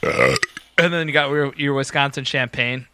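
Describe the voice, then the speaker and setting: A man with a bright, smooth, resonant voice tells rambling, profane stories on a casual podcast, laughing as he goes. He sits close to the mic in a dry, dead room. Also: medium pitch, very animated, measured pace, dry recording. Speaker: podcast co-host. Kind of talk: casual bar-talk podcast chat.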